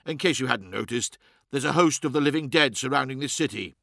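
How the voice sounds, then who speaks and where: A man's voice: mid-range voice, lively intonation, fairly quick, creaky, no echo, studio quality, heavily acted. A man voicing a blunt, impatient male warrior captain who snaps and pushes hard. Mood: forceful. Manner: snapping, forceful.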